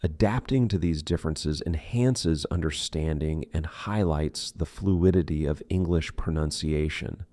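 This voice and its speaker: A man teaching English pronunciation in a scripted lesson, slowly modeling example words one by one. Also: a bass voice, dark tone, dry recording, clean studio sound.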